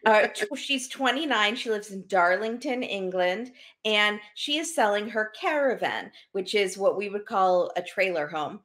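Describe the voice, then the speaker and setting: A woman co-host in relaxed conversation, laughing easily and restarting her sentences as she recaps. Her voice sits at an ordinary middle pitch. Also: unhurried, few pauses. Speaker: podcast co-host. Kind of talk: casual chat.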